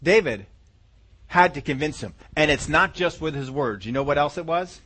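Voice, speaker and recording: A man teaches a Bible lesson with lively energy, acting out the characters as he goes and dropping to soft asides. His voice sits a little high and sounds bright and forceful. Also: normal speed.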